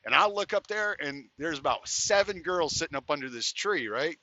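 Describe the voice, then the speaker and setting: A man's voice: fairly high pitch, lively intonation, normal speed, a loud crowd. A man hosting a podcast, telling a rambling, profane story in casual chat about his life as a truck driver. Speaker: podcast host. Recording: dull, dry, lo-fi podcast audio.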